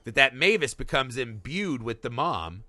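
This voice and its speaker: A man in his thirties co-hosting a casual film podcast, animated and swearing freely as he acts out scenes. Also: mid-range voice, normal speed, no room sound. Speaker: podcast co-host.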